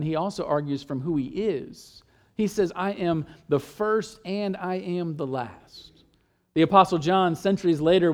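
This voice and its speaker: A man's voice: high voice, warm tone. A man preaching a sermon, telling Bible stories with emphasis and often repeating words as he goes.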